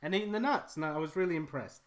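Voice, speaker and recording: A man's voice: on the high side, expressive, fast. A British man hosting a live stream, talking in casual chat. He tells rambling, self-deprecating stories. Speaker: stream host, artist.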